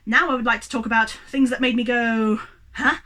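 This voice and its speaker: A woman's voice: fairly high pitch, steady tone, a little fast, bright, forceful tone. A young woman reviewing a movie at home in front of a tripod camera, ranting in an exasperated, worked-up way and swearing freely.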